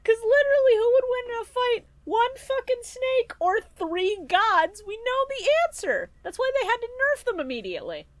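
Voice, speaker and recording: A woman co-hosting a podcast in casual chat, crude and animated, quick to laugh. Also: very high voice, no echo. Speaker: podcast co-host.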